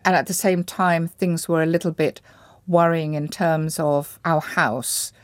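A woman's voice: deep voice, steady tone, measured pace, no room sound, studio quality. Reflective woman recalling her childhood. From Indonesia. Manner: thoughtful, searching for words, frequent restarts. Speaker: interview guest. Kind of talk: reflective personal recollection.

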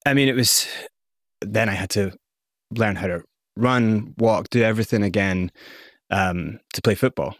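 A man with a Scottish accent, a guest in an interview, recounting his past with candid, animated storytelling. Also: lowish voice, unhurried, long pauses, no echo, studio quality. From South Africa and Scotland. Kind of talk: personal storytelling.

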